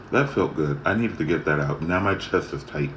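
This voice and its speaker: A man talking straight to the camera in a casual vlog, venting his annoyance in a heated, repetitive way that swings from loud to quiet. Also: rumbling low, normal speed, slight background noise, low-quality recording. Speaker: vlogger. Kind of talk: casual ranting monologue.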